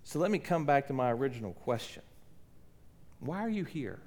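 A man preaching a Sunday sermon from a church pulpit mic, friendly and questioning, with emphatic pauses. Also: medium pitch, sing-song, a little mellow. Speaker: pastor. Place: church sanctuary. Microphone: lowered stand or pulpit microphone.

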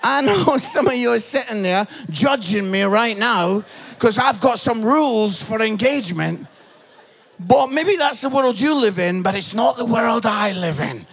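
A middle-aged man preaching a sermon as pastor, telling family stories with animated bursts of shouted emphasis and a habit of asking "yeah?". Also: extremely high pitch, a little slow, some chatter behind.

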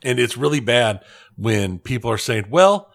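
A man co-hosting a podcast in casual chat, wry and relaxed as he goes over the news. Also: mid-range voice, normal speed, creaky, no echo, studio quality. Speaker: podcast co-host.

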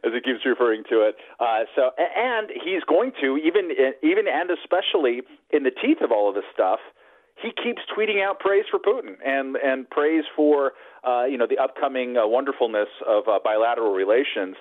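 A man's voice: medium pitch, animated, brisk, no room sound. A man speaking as a guest in casual political radio chat, wry and digressive with many fillers. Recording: dry, phone-like narrow line.

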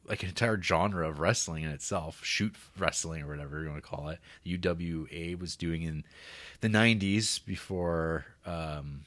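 A man's voice: low-pitched, moderate pace, fairly bright tone, dry recording. A man co-hosting a casual film podcast, talking loosely with lots of fillers and swearing. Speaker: podcast co-host.

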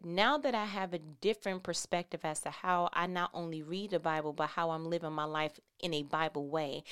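A woman's voice: sits low, clear, resonant tone. A woman giving a casual, conversational Christian talk with emphatic, repetitive phrasing. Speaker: Christian speaker.

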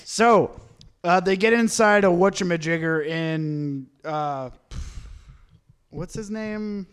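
A man's voice: high-pitched, slow pace, fairly bright tone, clean tone. A man co-hosting a comedy podcast, riffing with jokey asides in casual chat. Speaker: podcast co-host.

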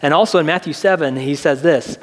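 A male pastor giving an earnest sermon, slowing down to stress key phrases before leading a prayer. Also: a little high. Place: church sanctuary. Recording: long reverb of a large hall, faint music.

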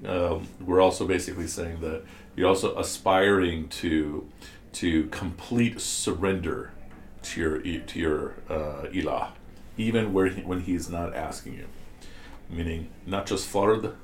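At a measured pace, a man with a low voice explains scripture to his class step by step, regularly questioning the students and restarting frequently. The recording sounds roomy, with a little hiss or hum.

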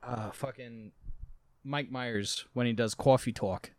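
A man's voice: mid-range voice, steady tone, slow pace, dry recording. A man co-hosting a casual chat, chatty and laughing along.

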